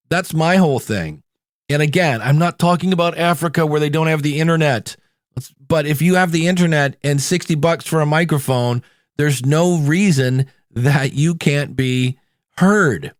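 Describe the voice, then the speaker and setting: A middle-aged man from the United States hosting a solo podcast, talking in a chatty, conversational way with animated asides. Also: on the high side, moderate pace, no echo, clean studio sound. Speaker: podcast host.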